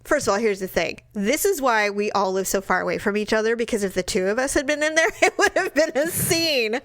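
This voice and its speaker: A woman co-hosting a podcast in casual chat, chatty and quick to laugh. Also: on the high side, lively intonation, a bit bright, no echo, clean studio sound. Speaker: podcast co-host.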